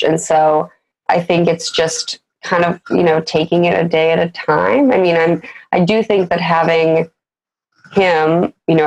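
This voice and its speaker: A woman in her thirties, a business founder as a guest, talking candidly and haltingly in casual interview chat. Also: low voice, vocal fry, rough recording. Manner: candid, halting, many fillers and restarts.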